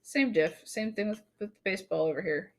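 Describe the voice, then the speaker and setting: A woman's voice: medium pitch, brisk. A woman in her twenties co-hosting a podcast, chatting casually and bluntly, with casual swearing. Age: 20s. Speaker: podcast co-host. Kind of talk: casual chat.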